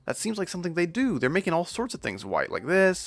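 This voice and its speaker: A man's voice: on the high side, huge pitch swings, brisk, gravelly, a bit bright, dry recording. A man streaming casual gaming commentary, rambling and joking at his own expense. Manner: rambling, jokey, self-deprecating.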